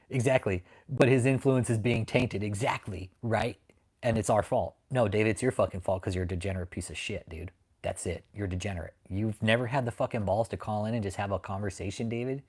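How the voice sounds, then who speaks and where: A man's voice: fairly low pitch, a little mellow. Profane, mocking man ranting on a livestream. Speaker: livestream host. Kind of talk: casual livestream rant.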